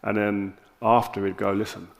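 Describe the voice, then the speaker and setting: A man with a South London accent, an interview guest telling candid stories on stage with animated, lively quoted dialogue. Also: on the low side, moderate pace, gravelly. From South London, England.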